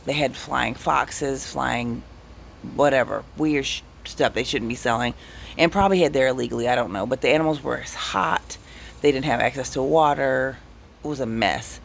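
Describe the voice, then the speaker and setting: In a creaky, medium-pitched voice, a man spins animated, meandering anecdotes for his vlog at a moderate pace. Self-interruptions and restarts are frequent, and light background noise can be heard.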